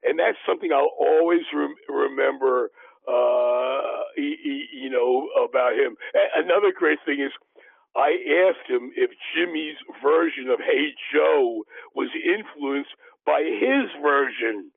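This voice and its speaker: Older guy rambling thru old stories, lots of uhs, gravelly, sounds like a dry phone line. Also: fairly high pitch, expressive, dry recording. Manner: rambling, halting, many fillers and restarts. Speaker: podcast host telling stories. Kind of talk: anecdotal interview storytelling.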